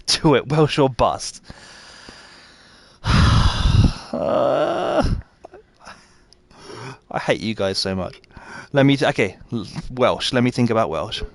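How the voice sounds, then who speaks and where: A man's voice: medium pitch, lively intonation, takes it slowly, creaky, long pauses, no echo. A man livestreaming a game, chatting with his viewers and laughing at himself. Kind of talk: live gameplay chat.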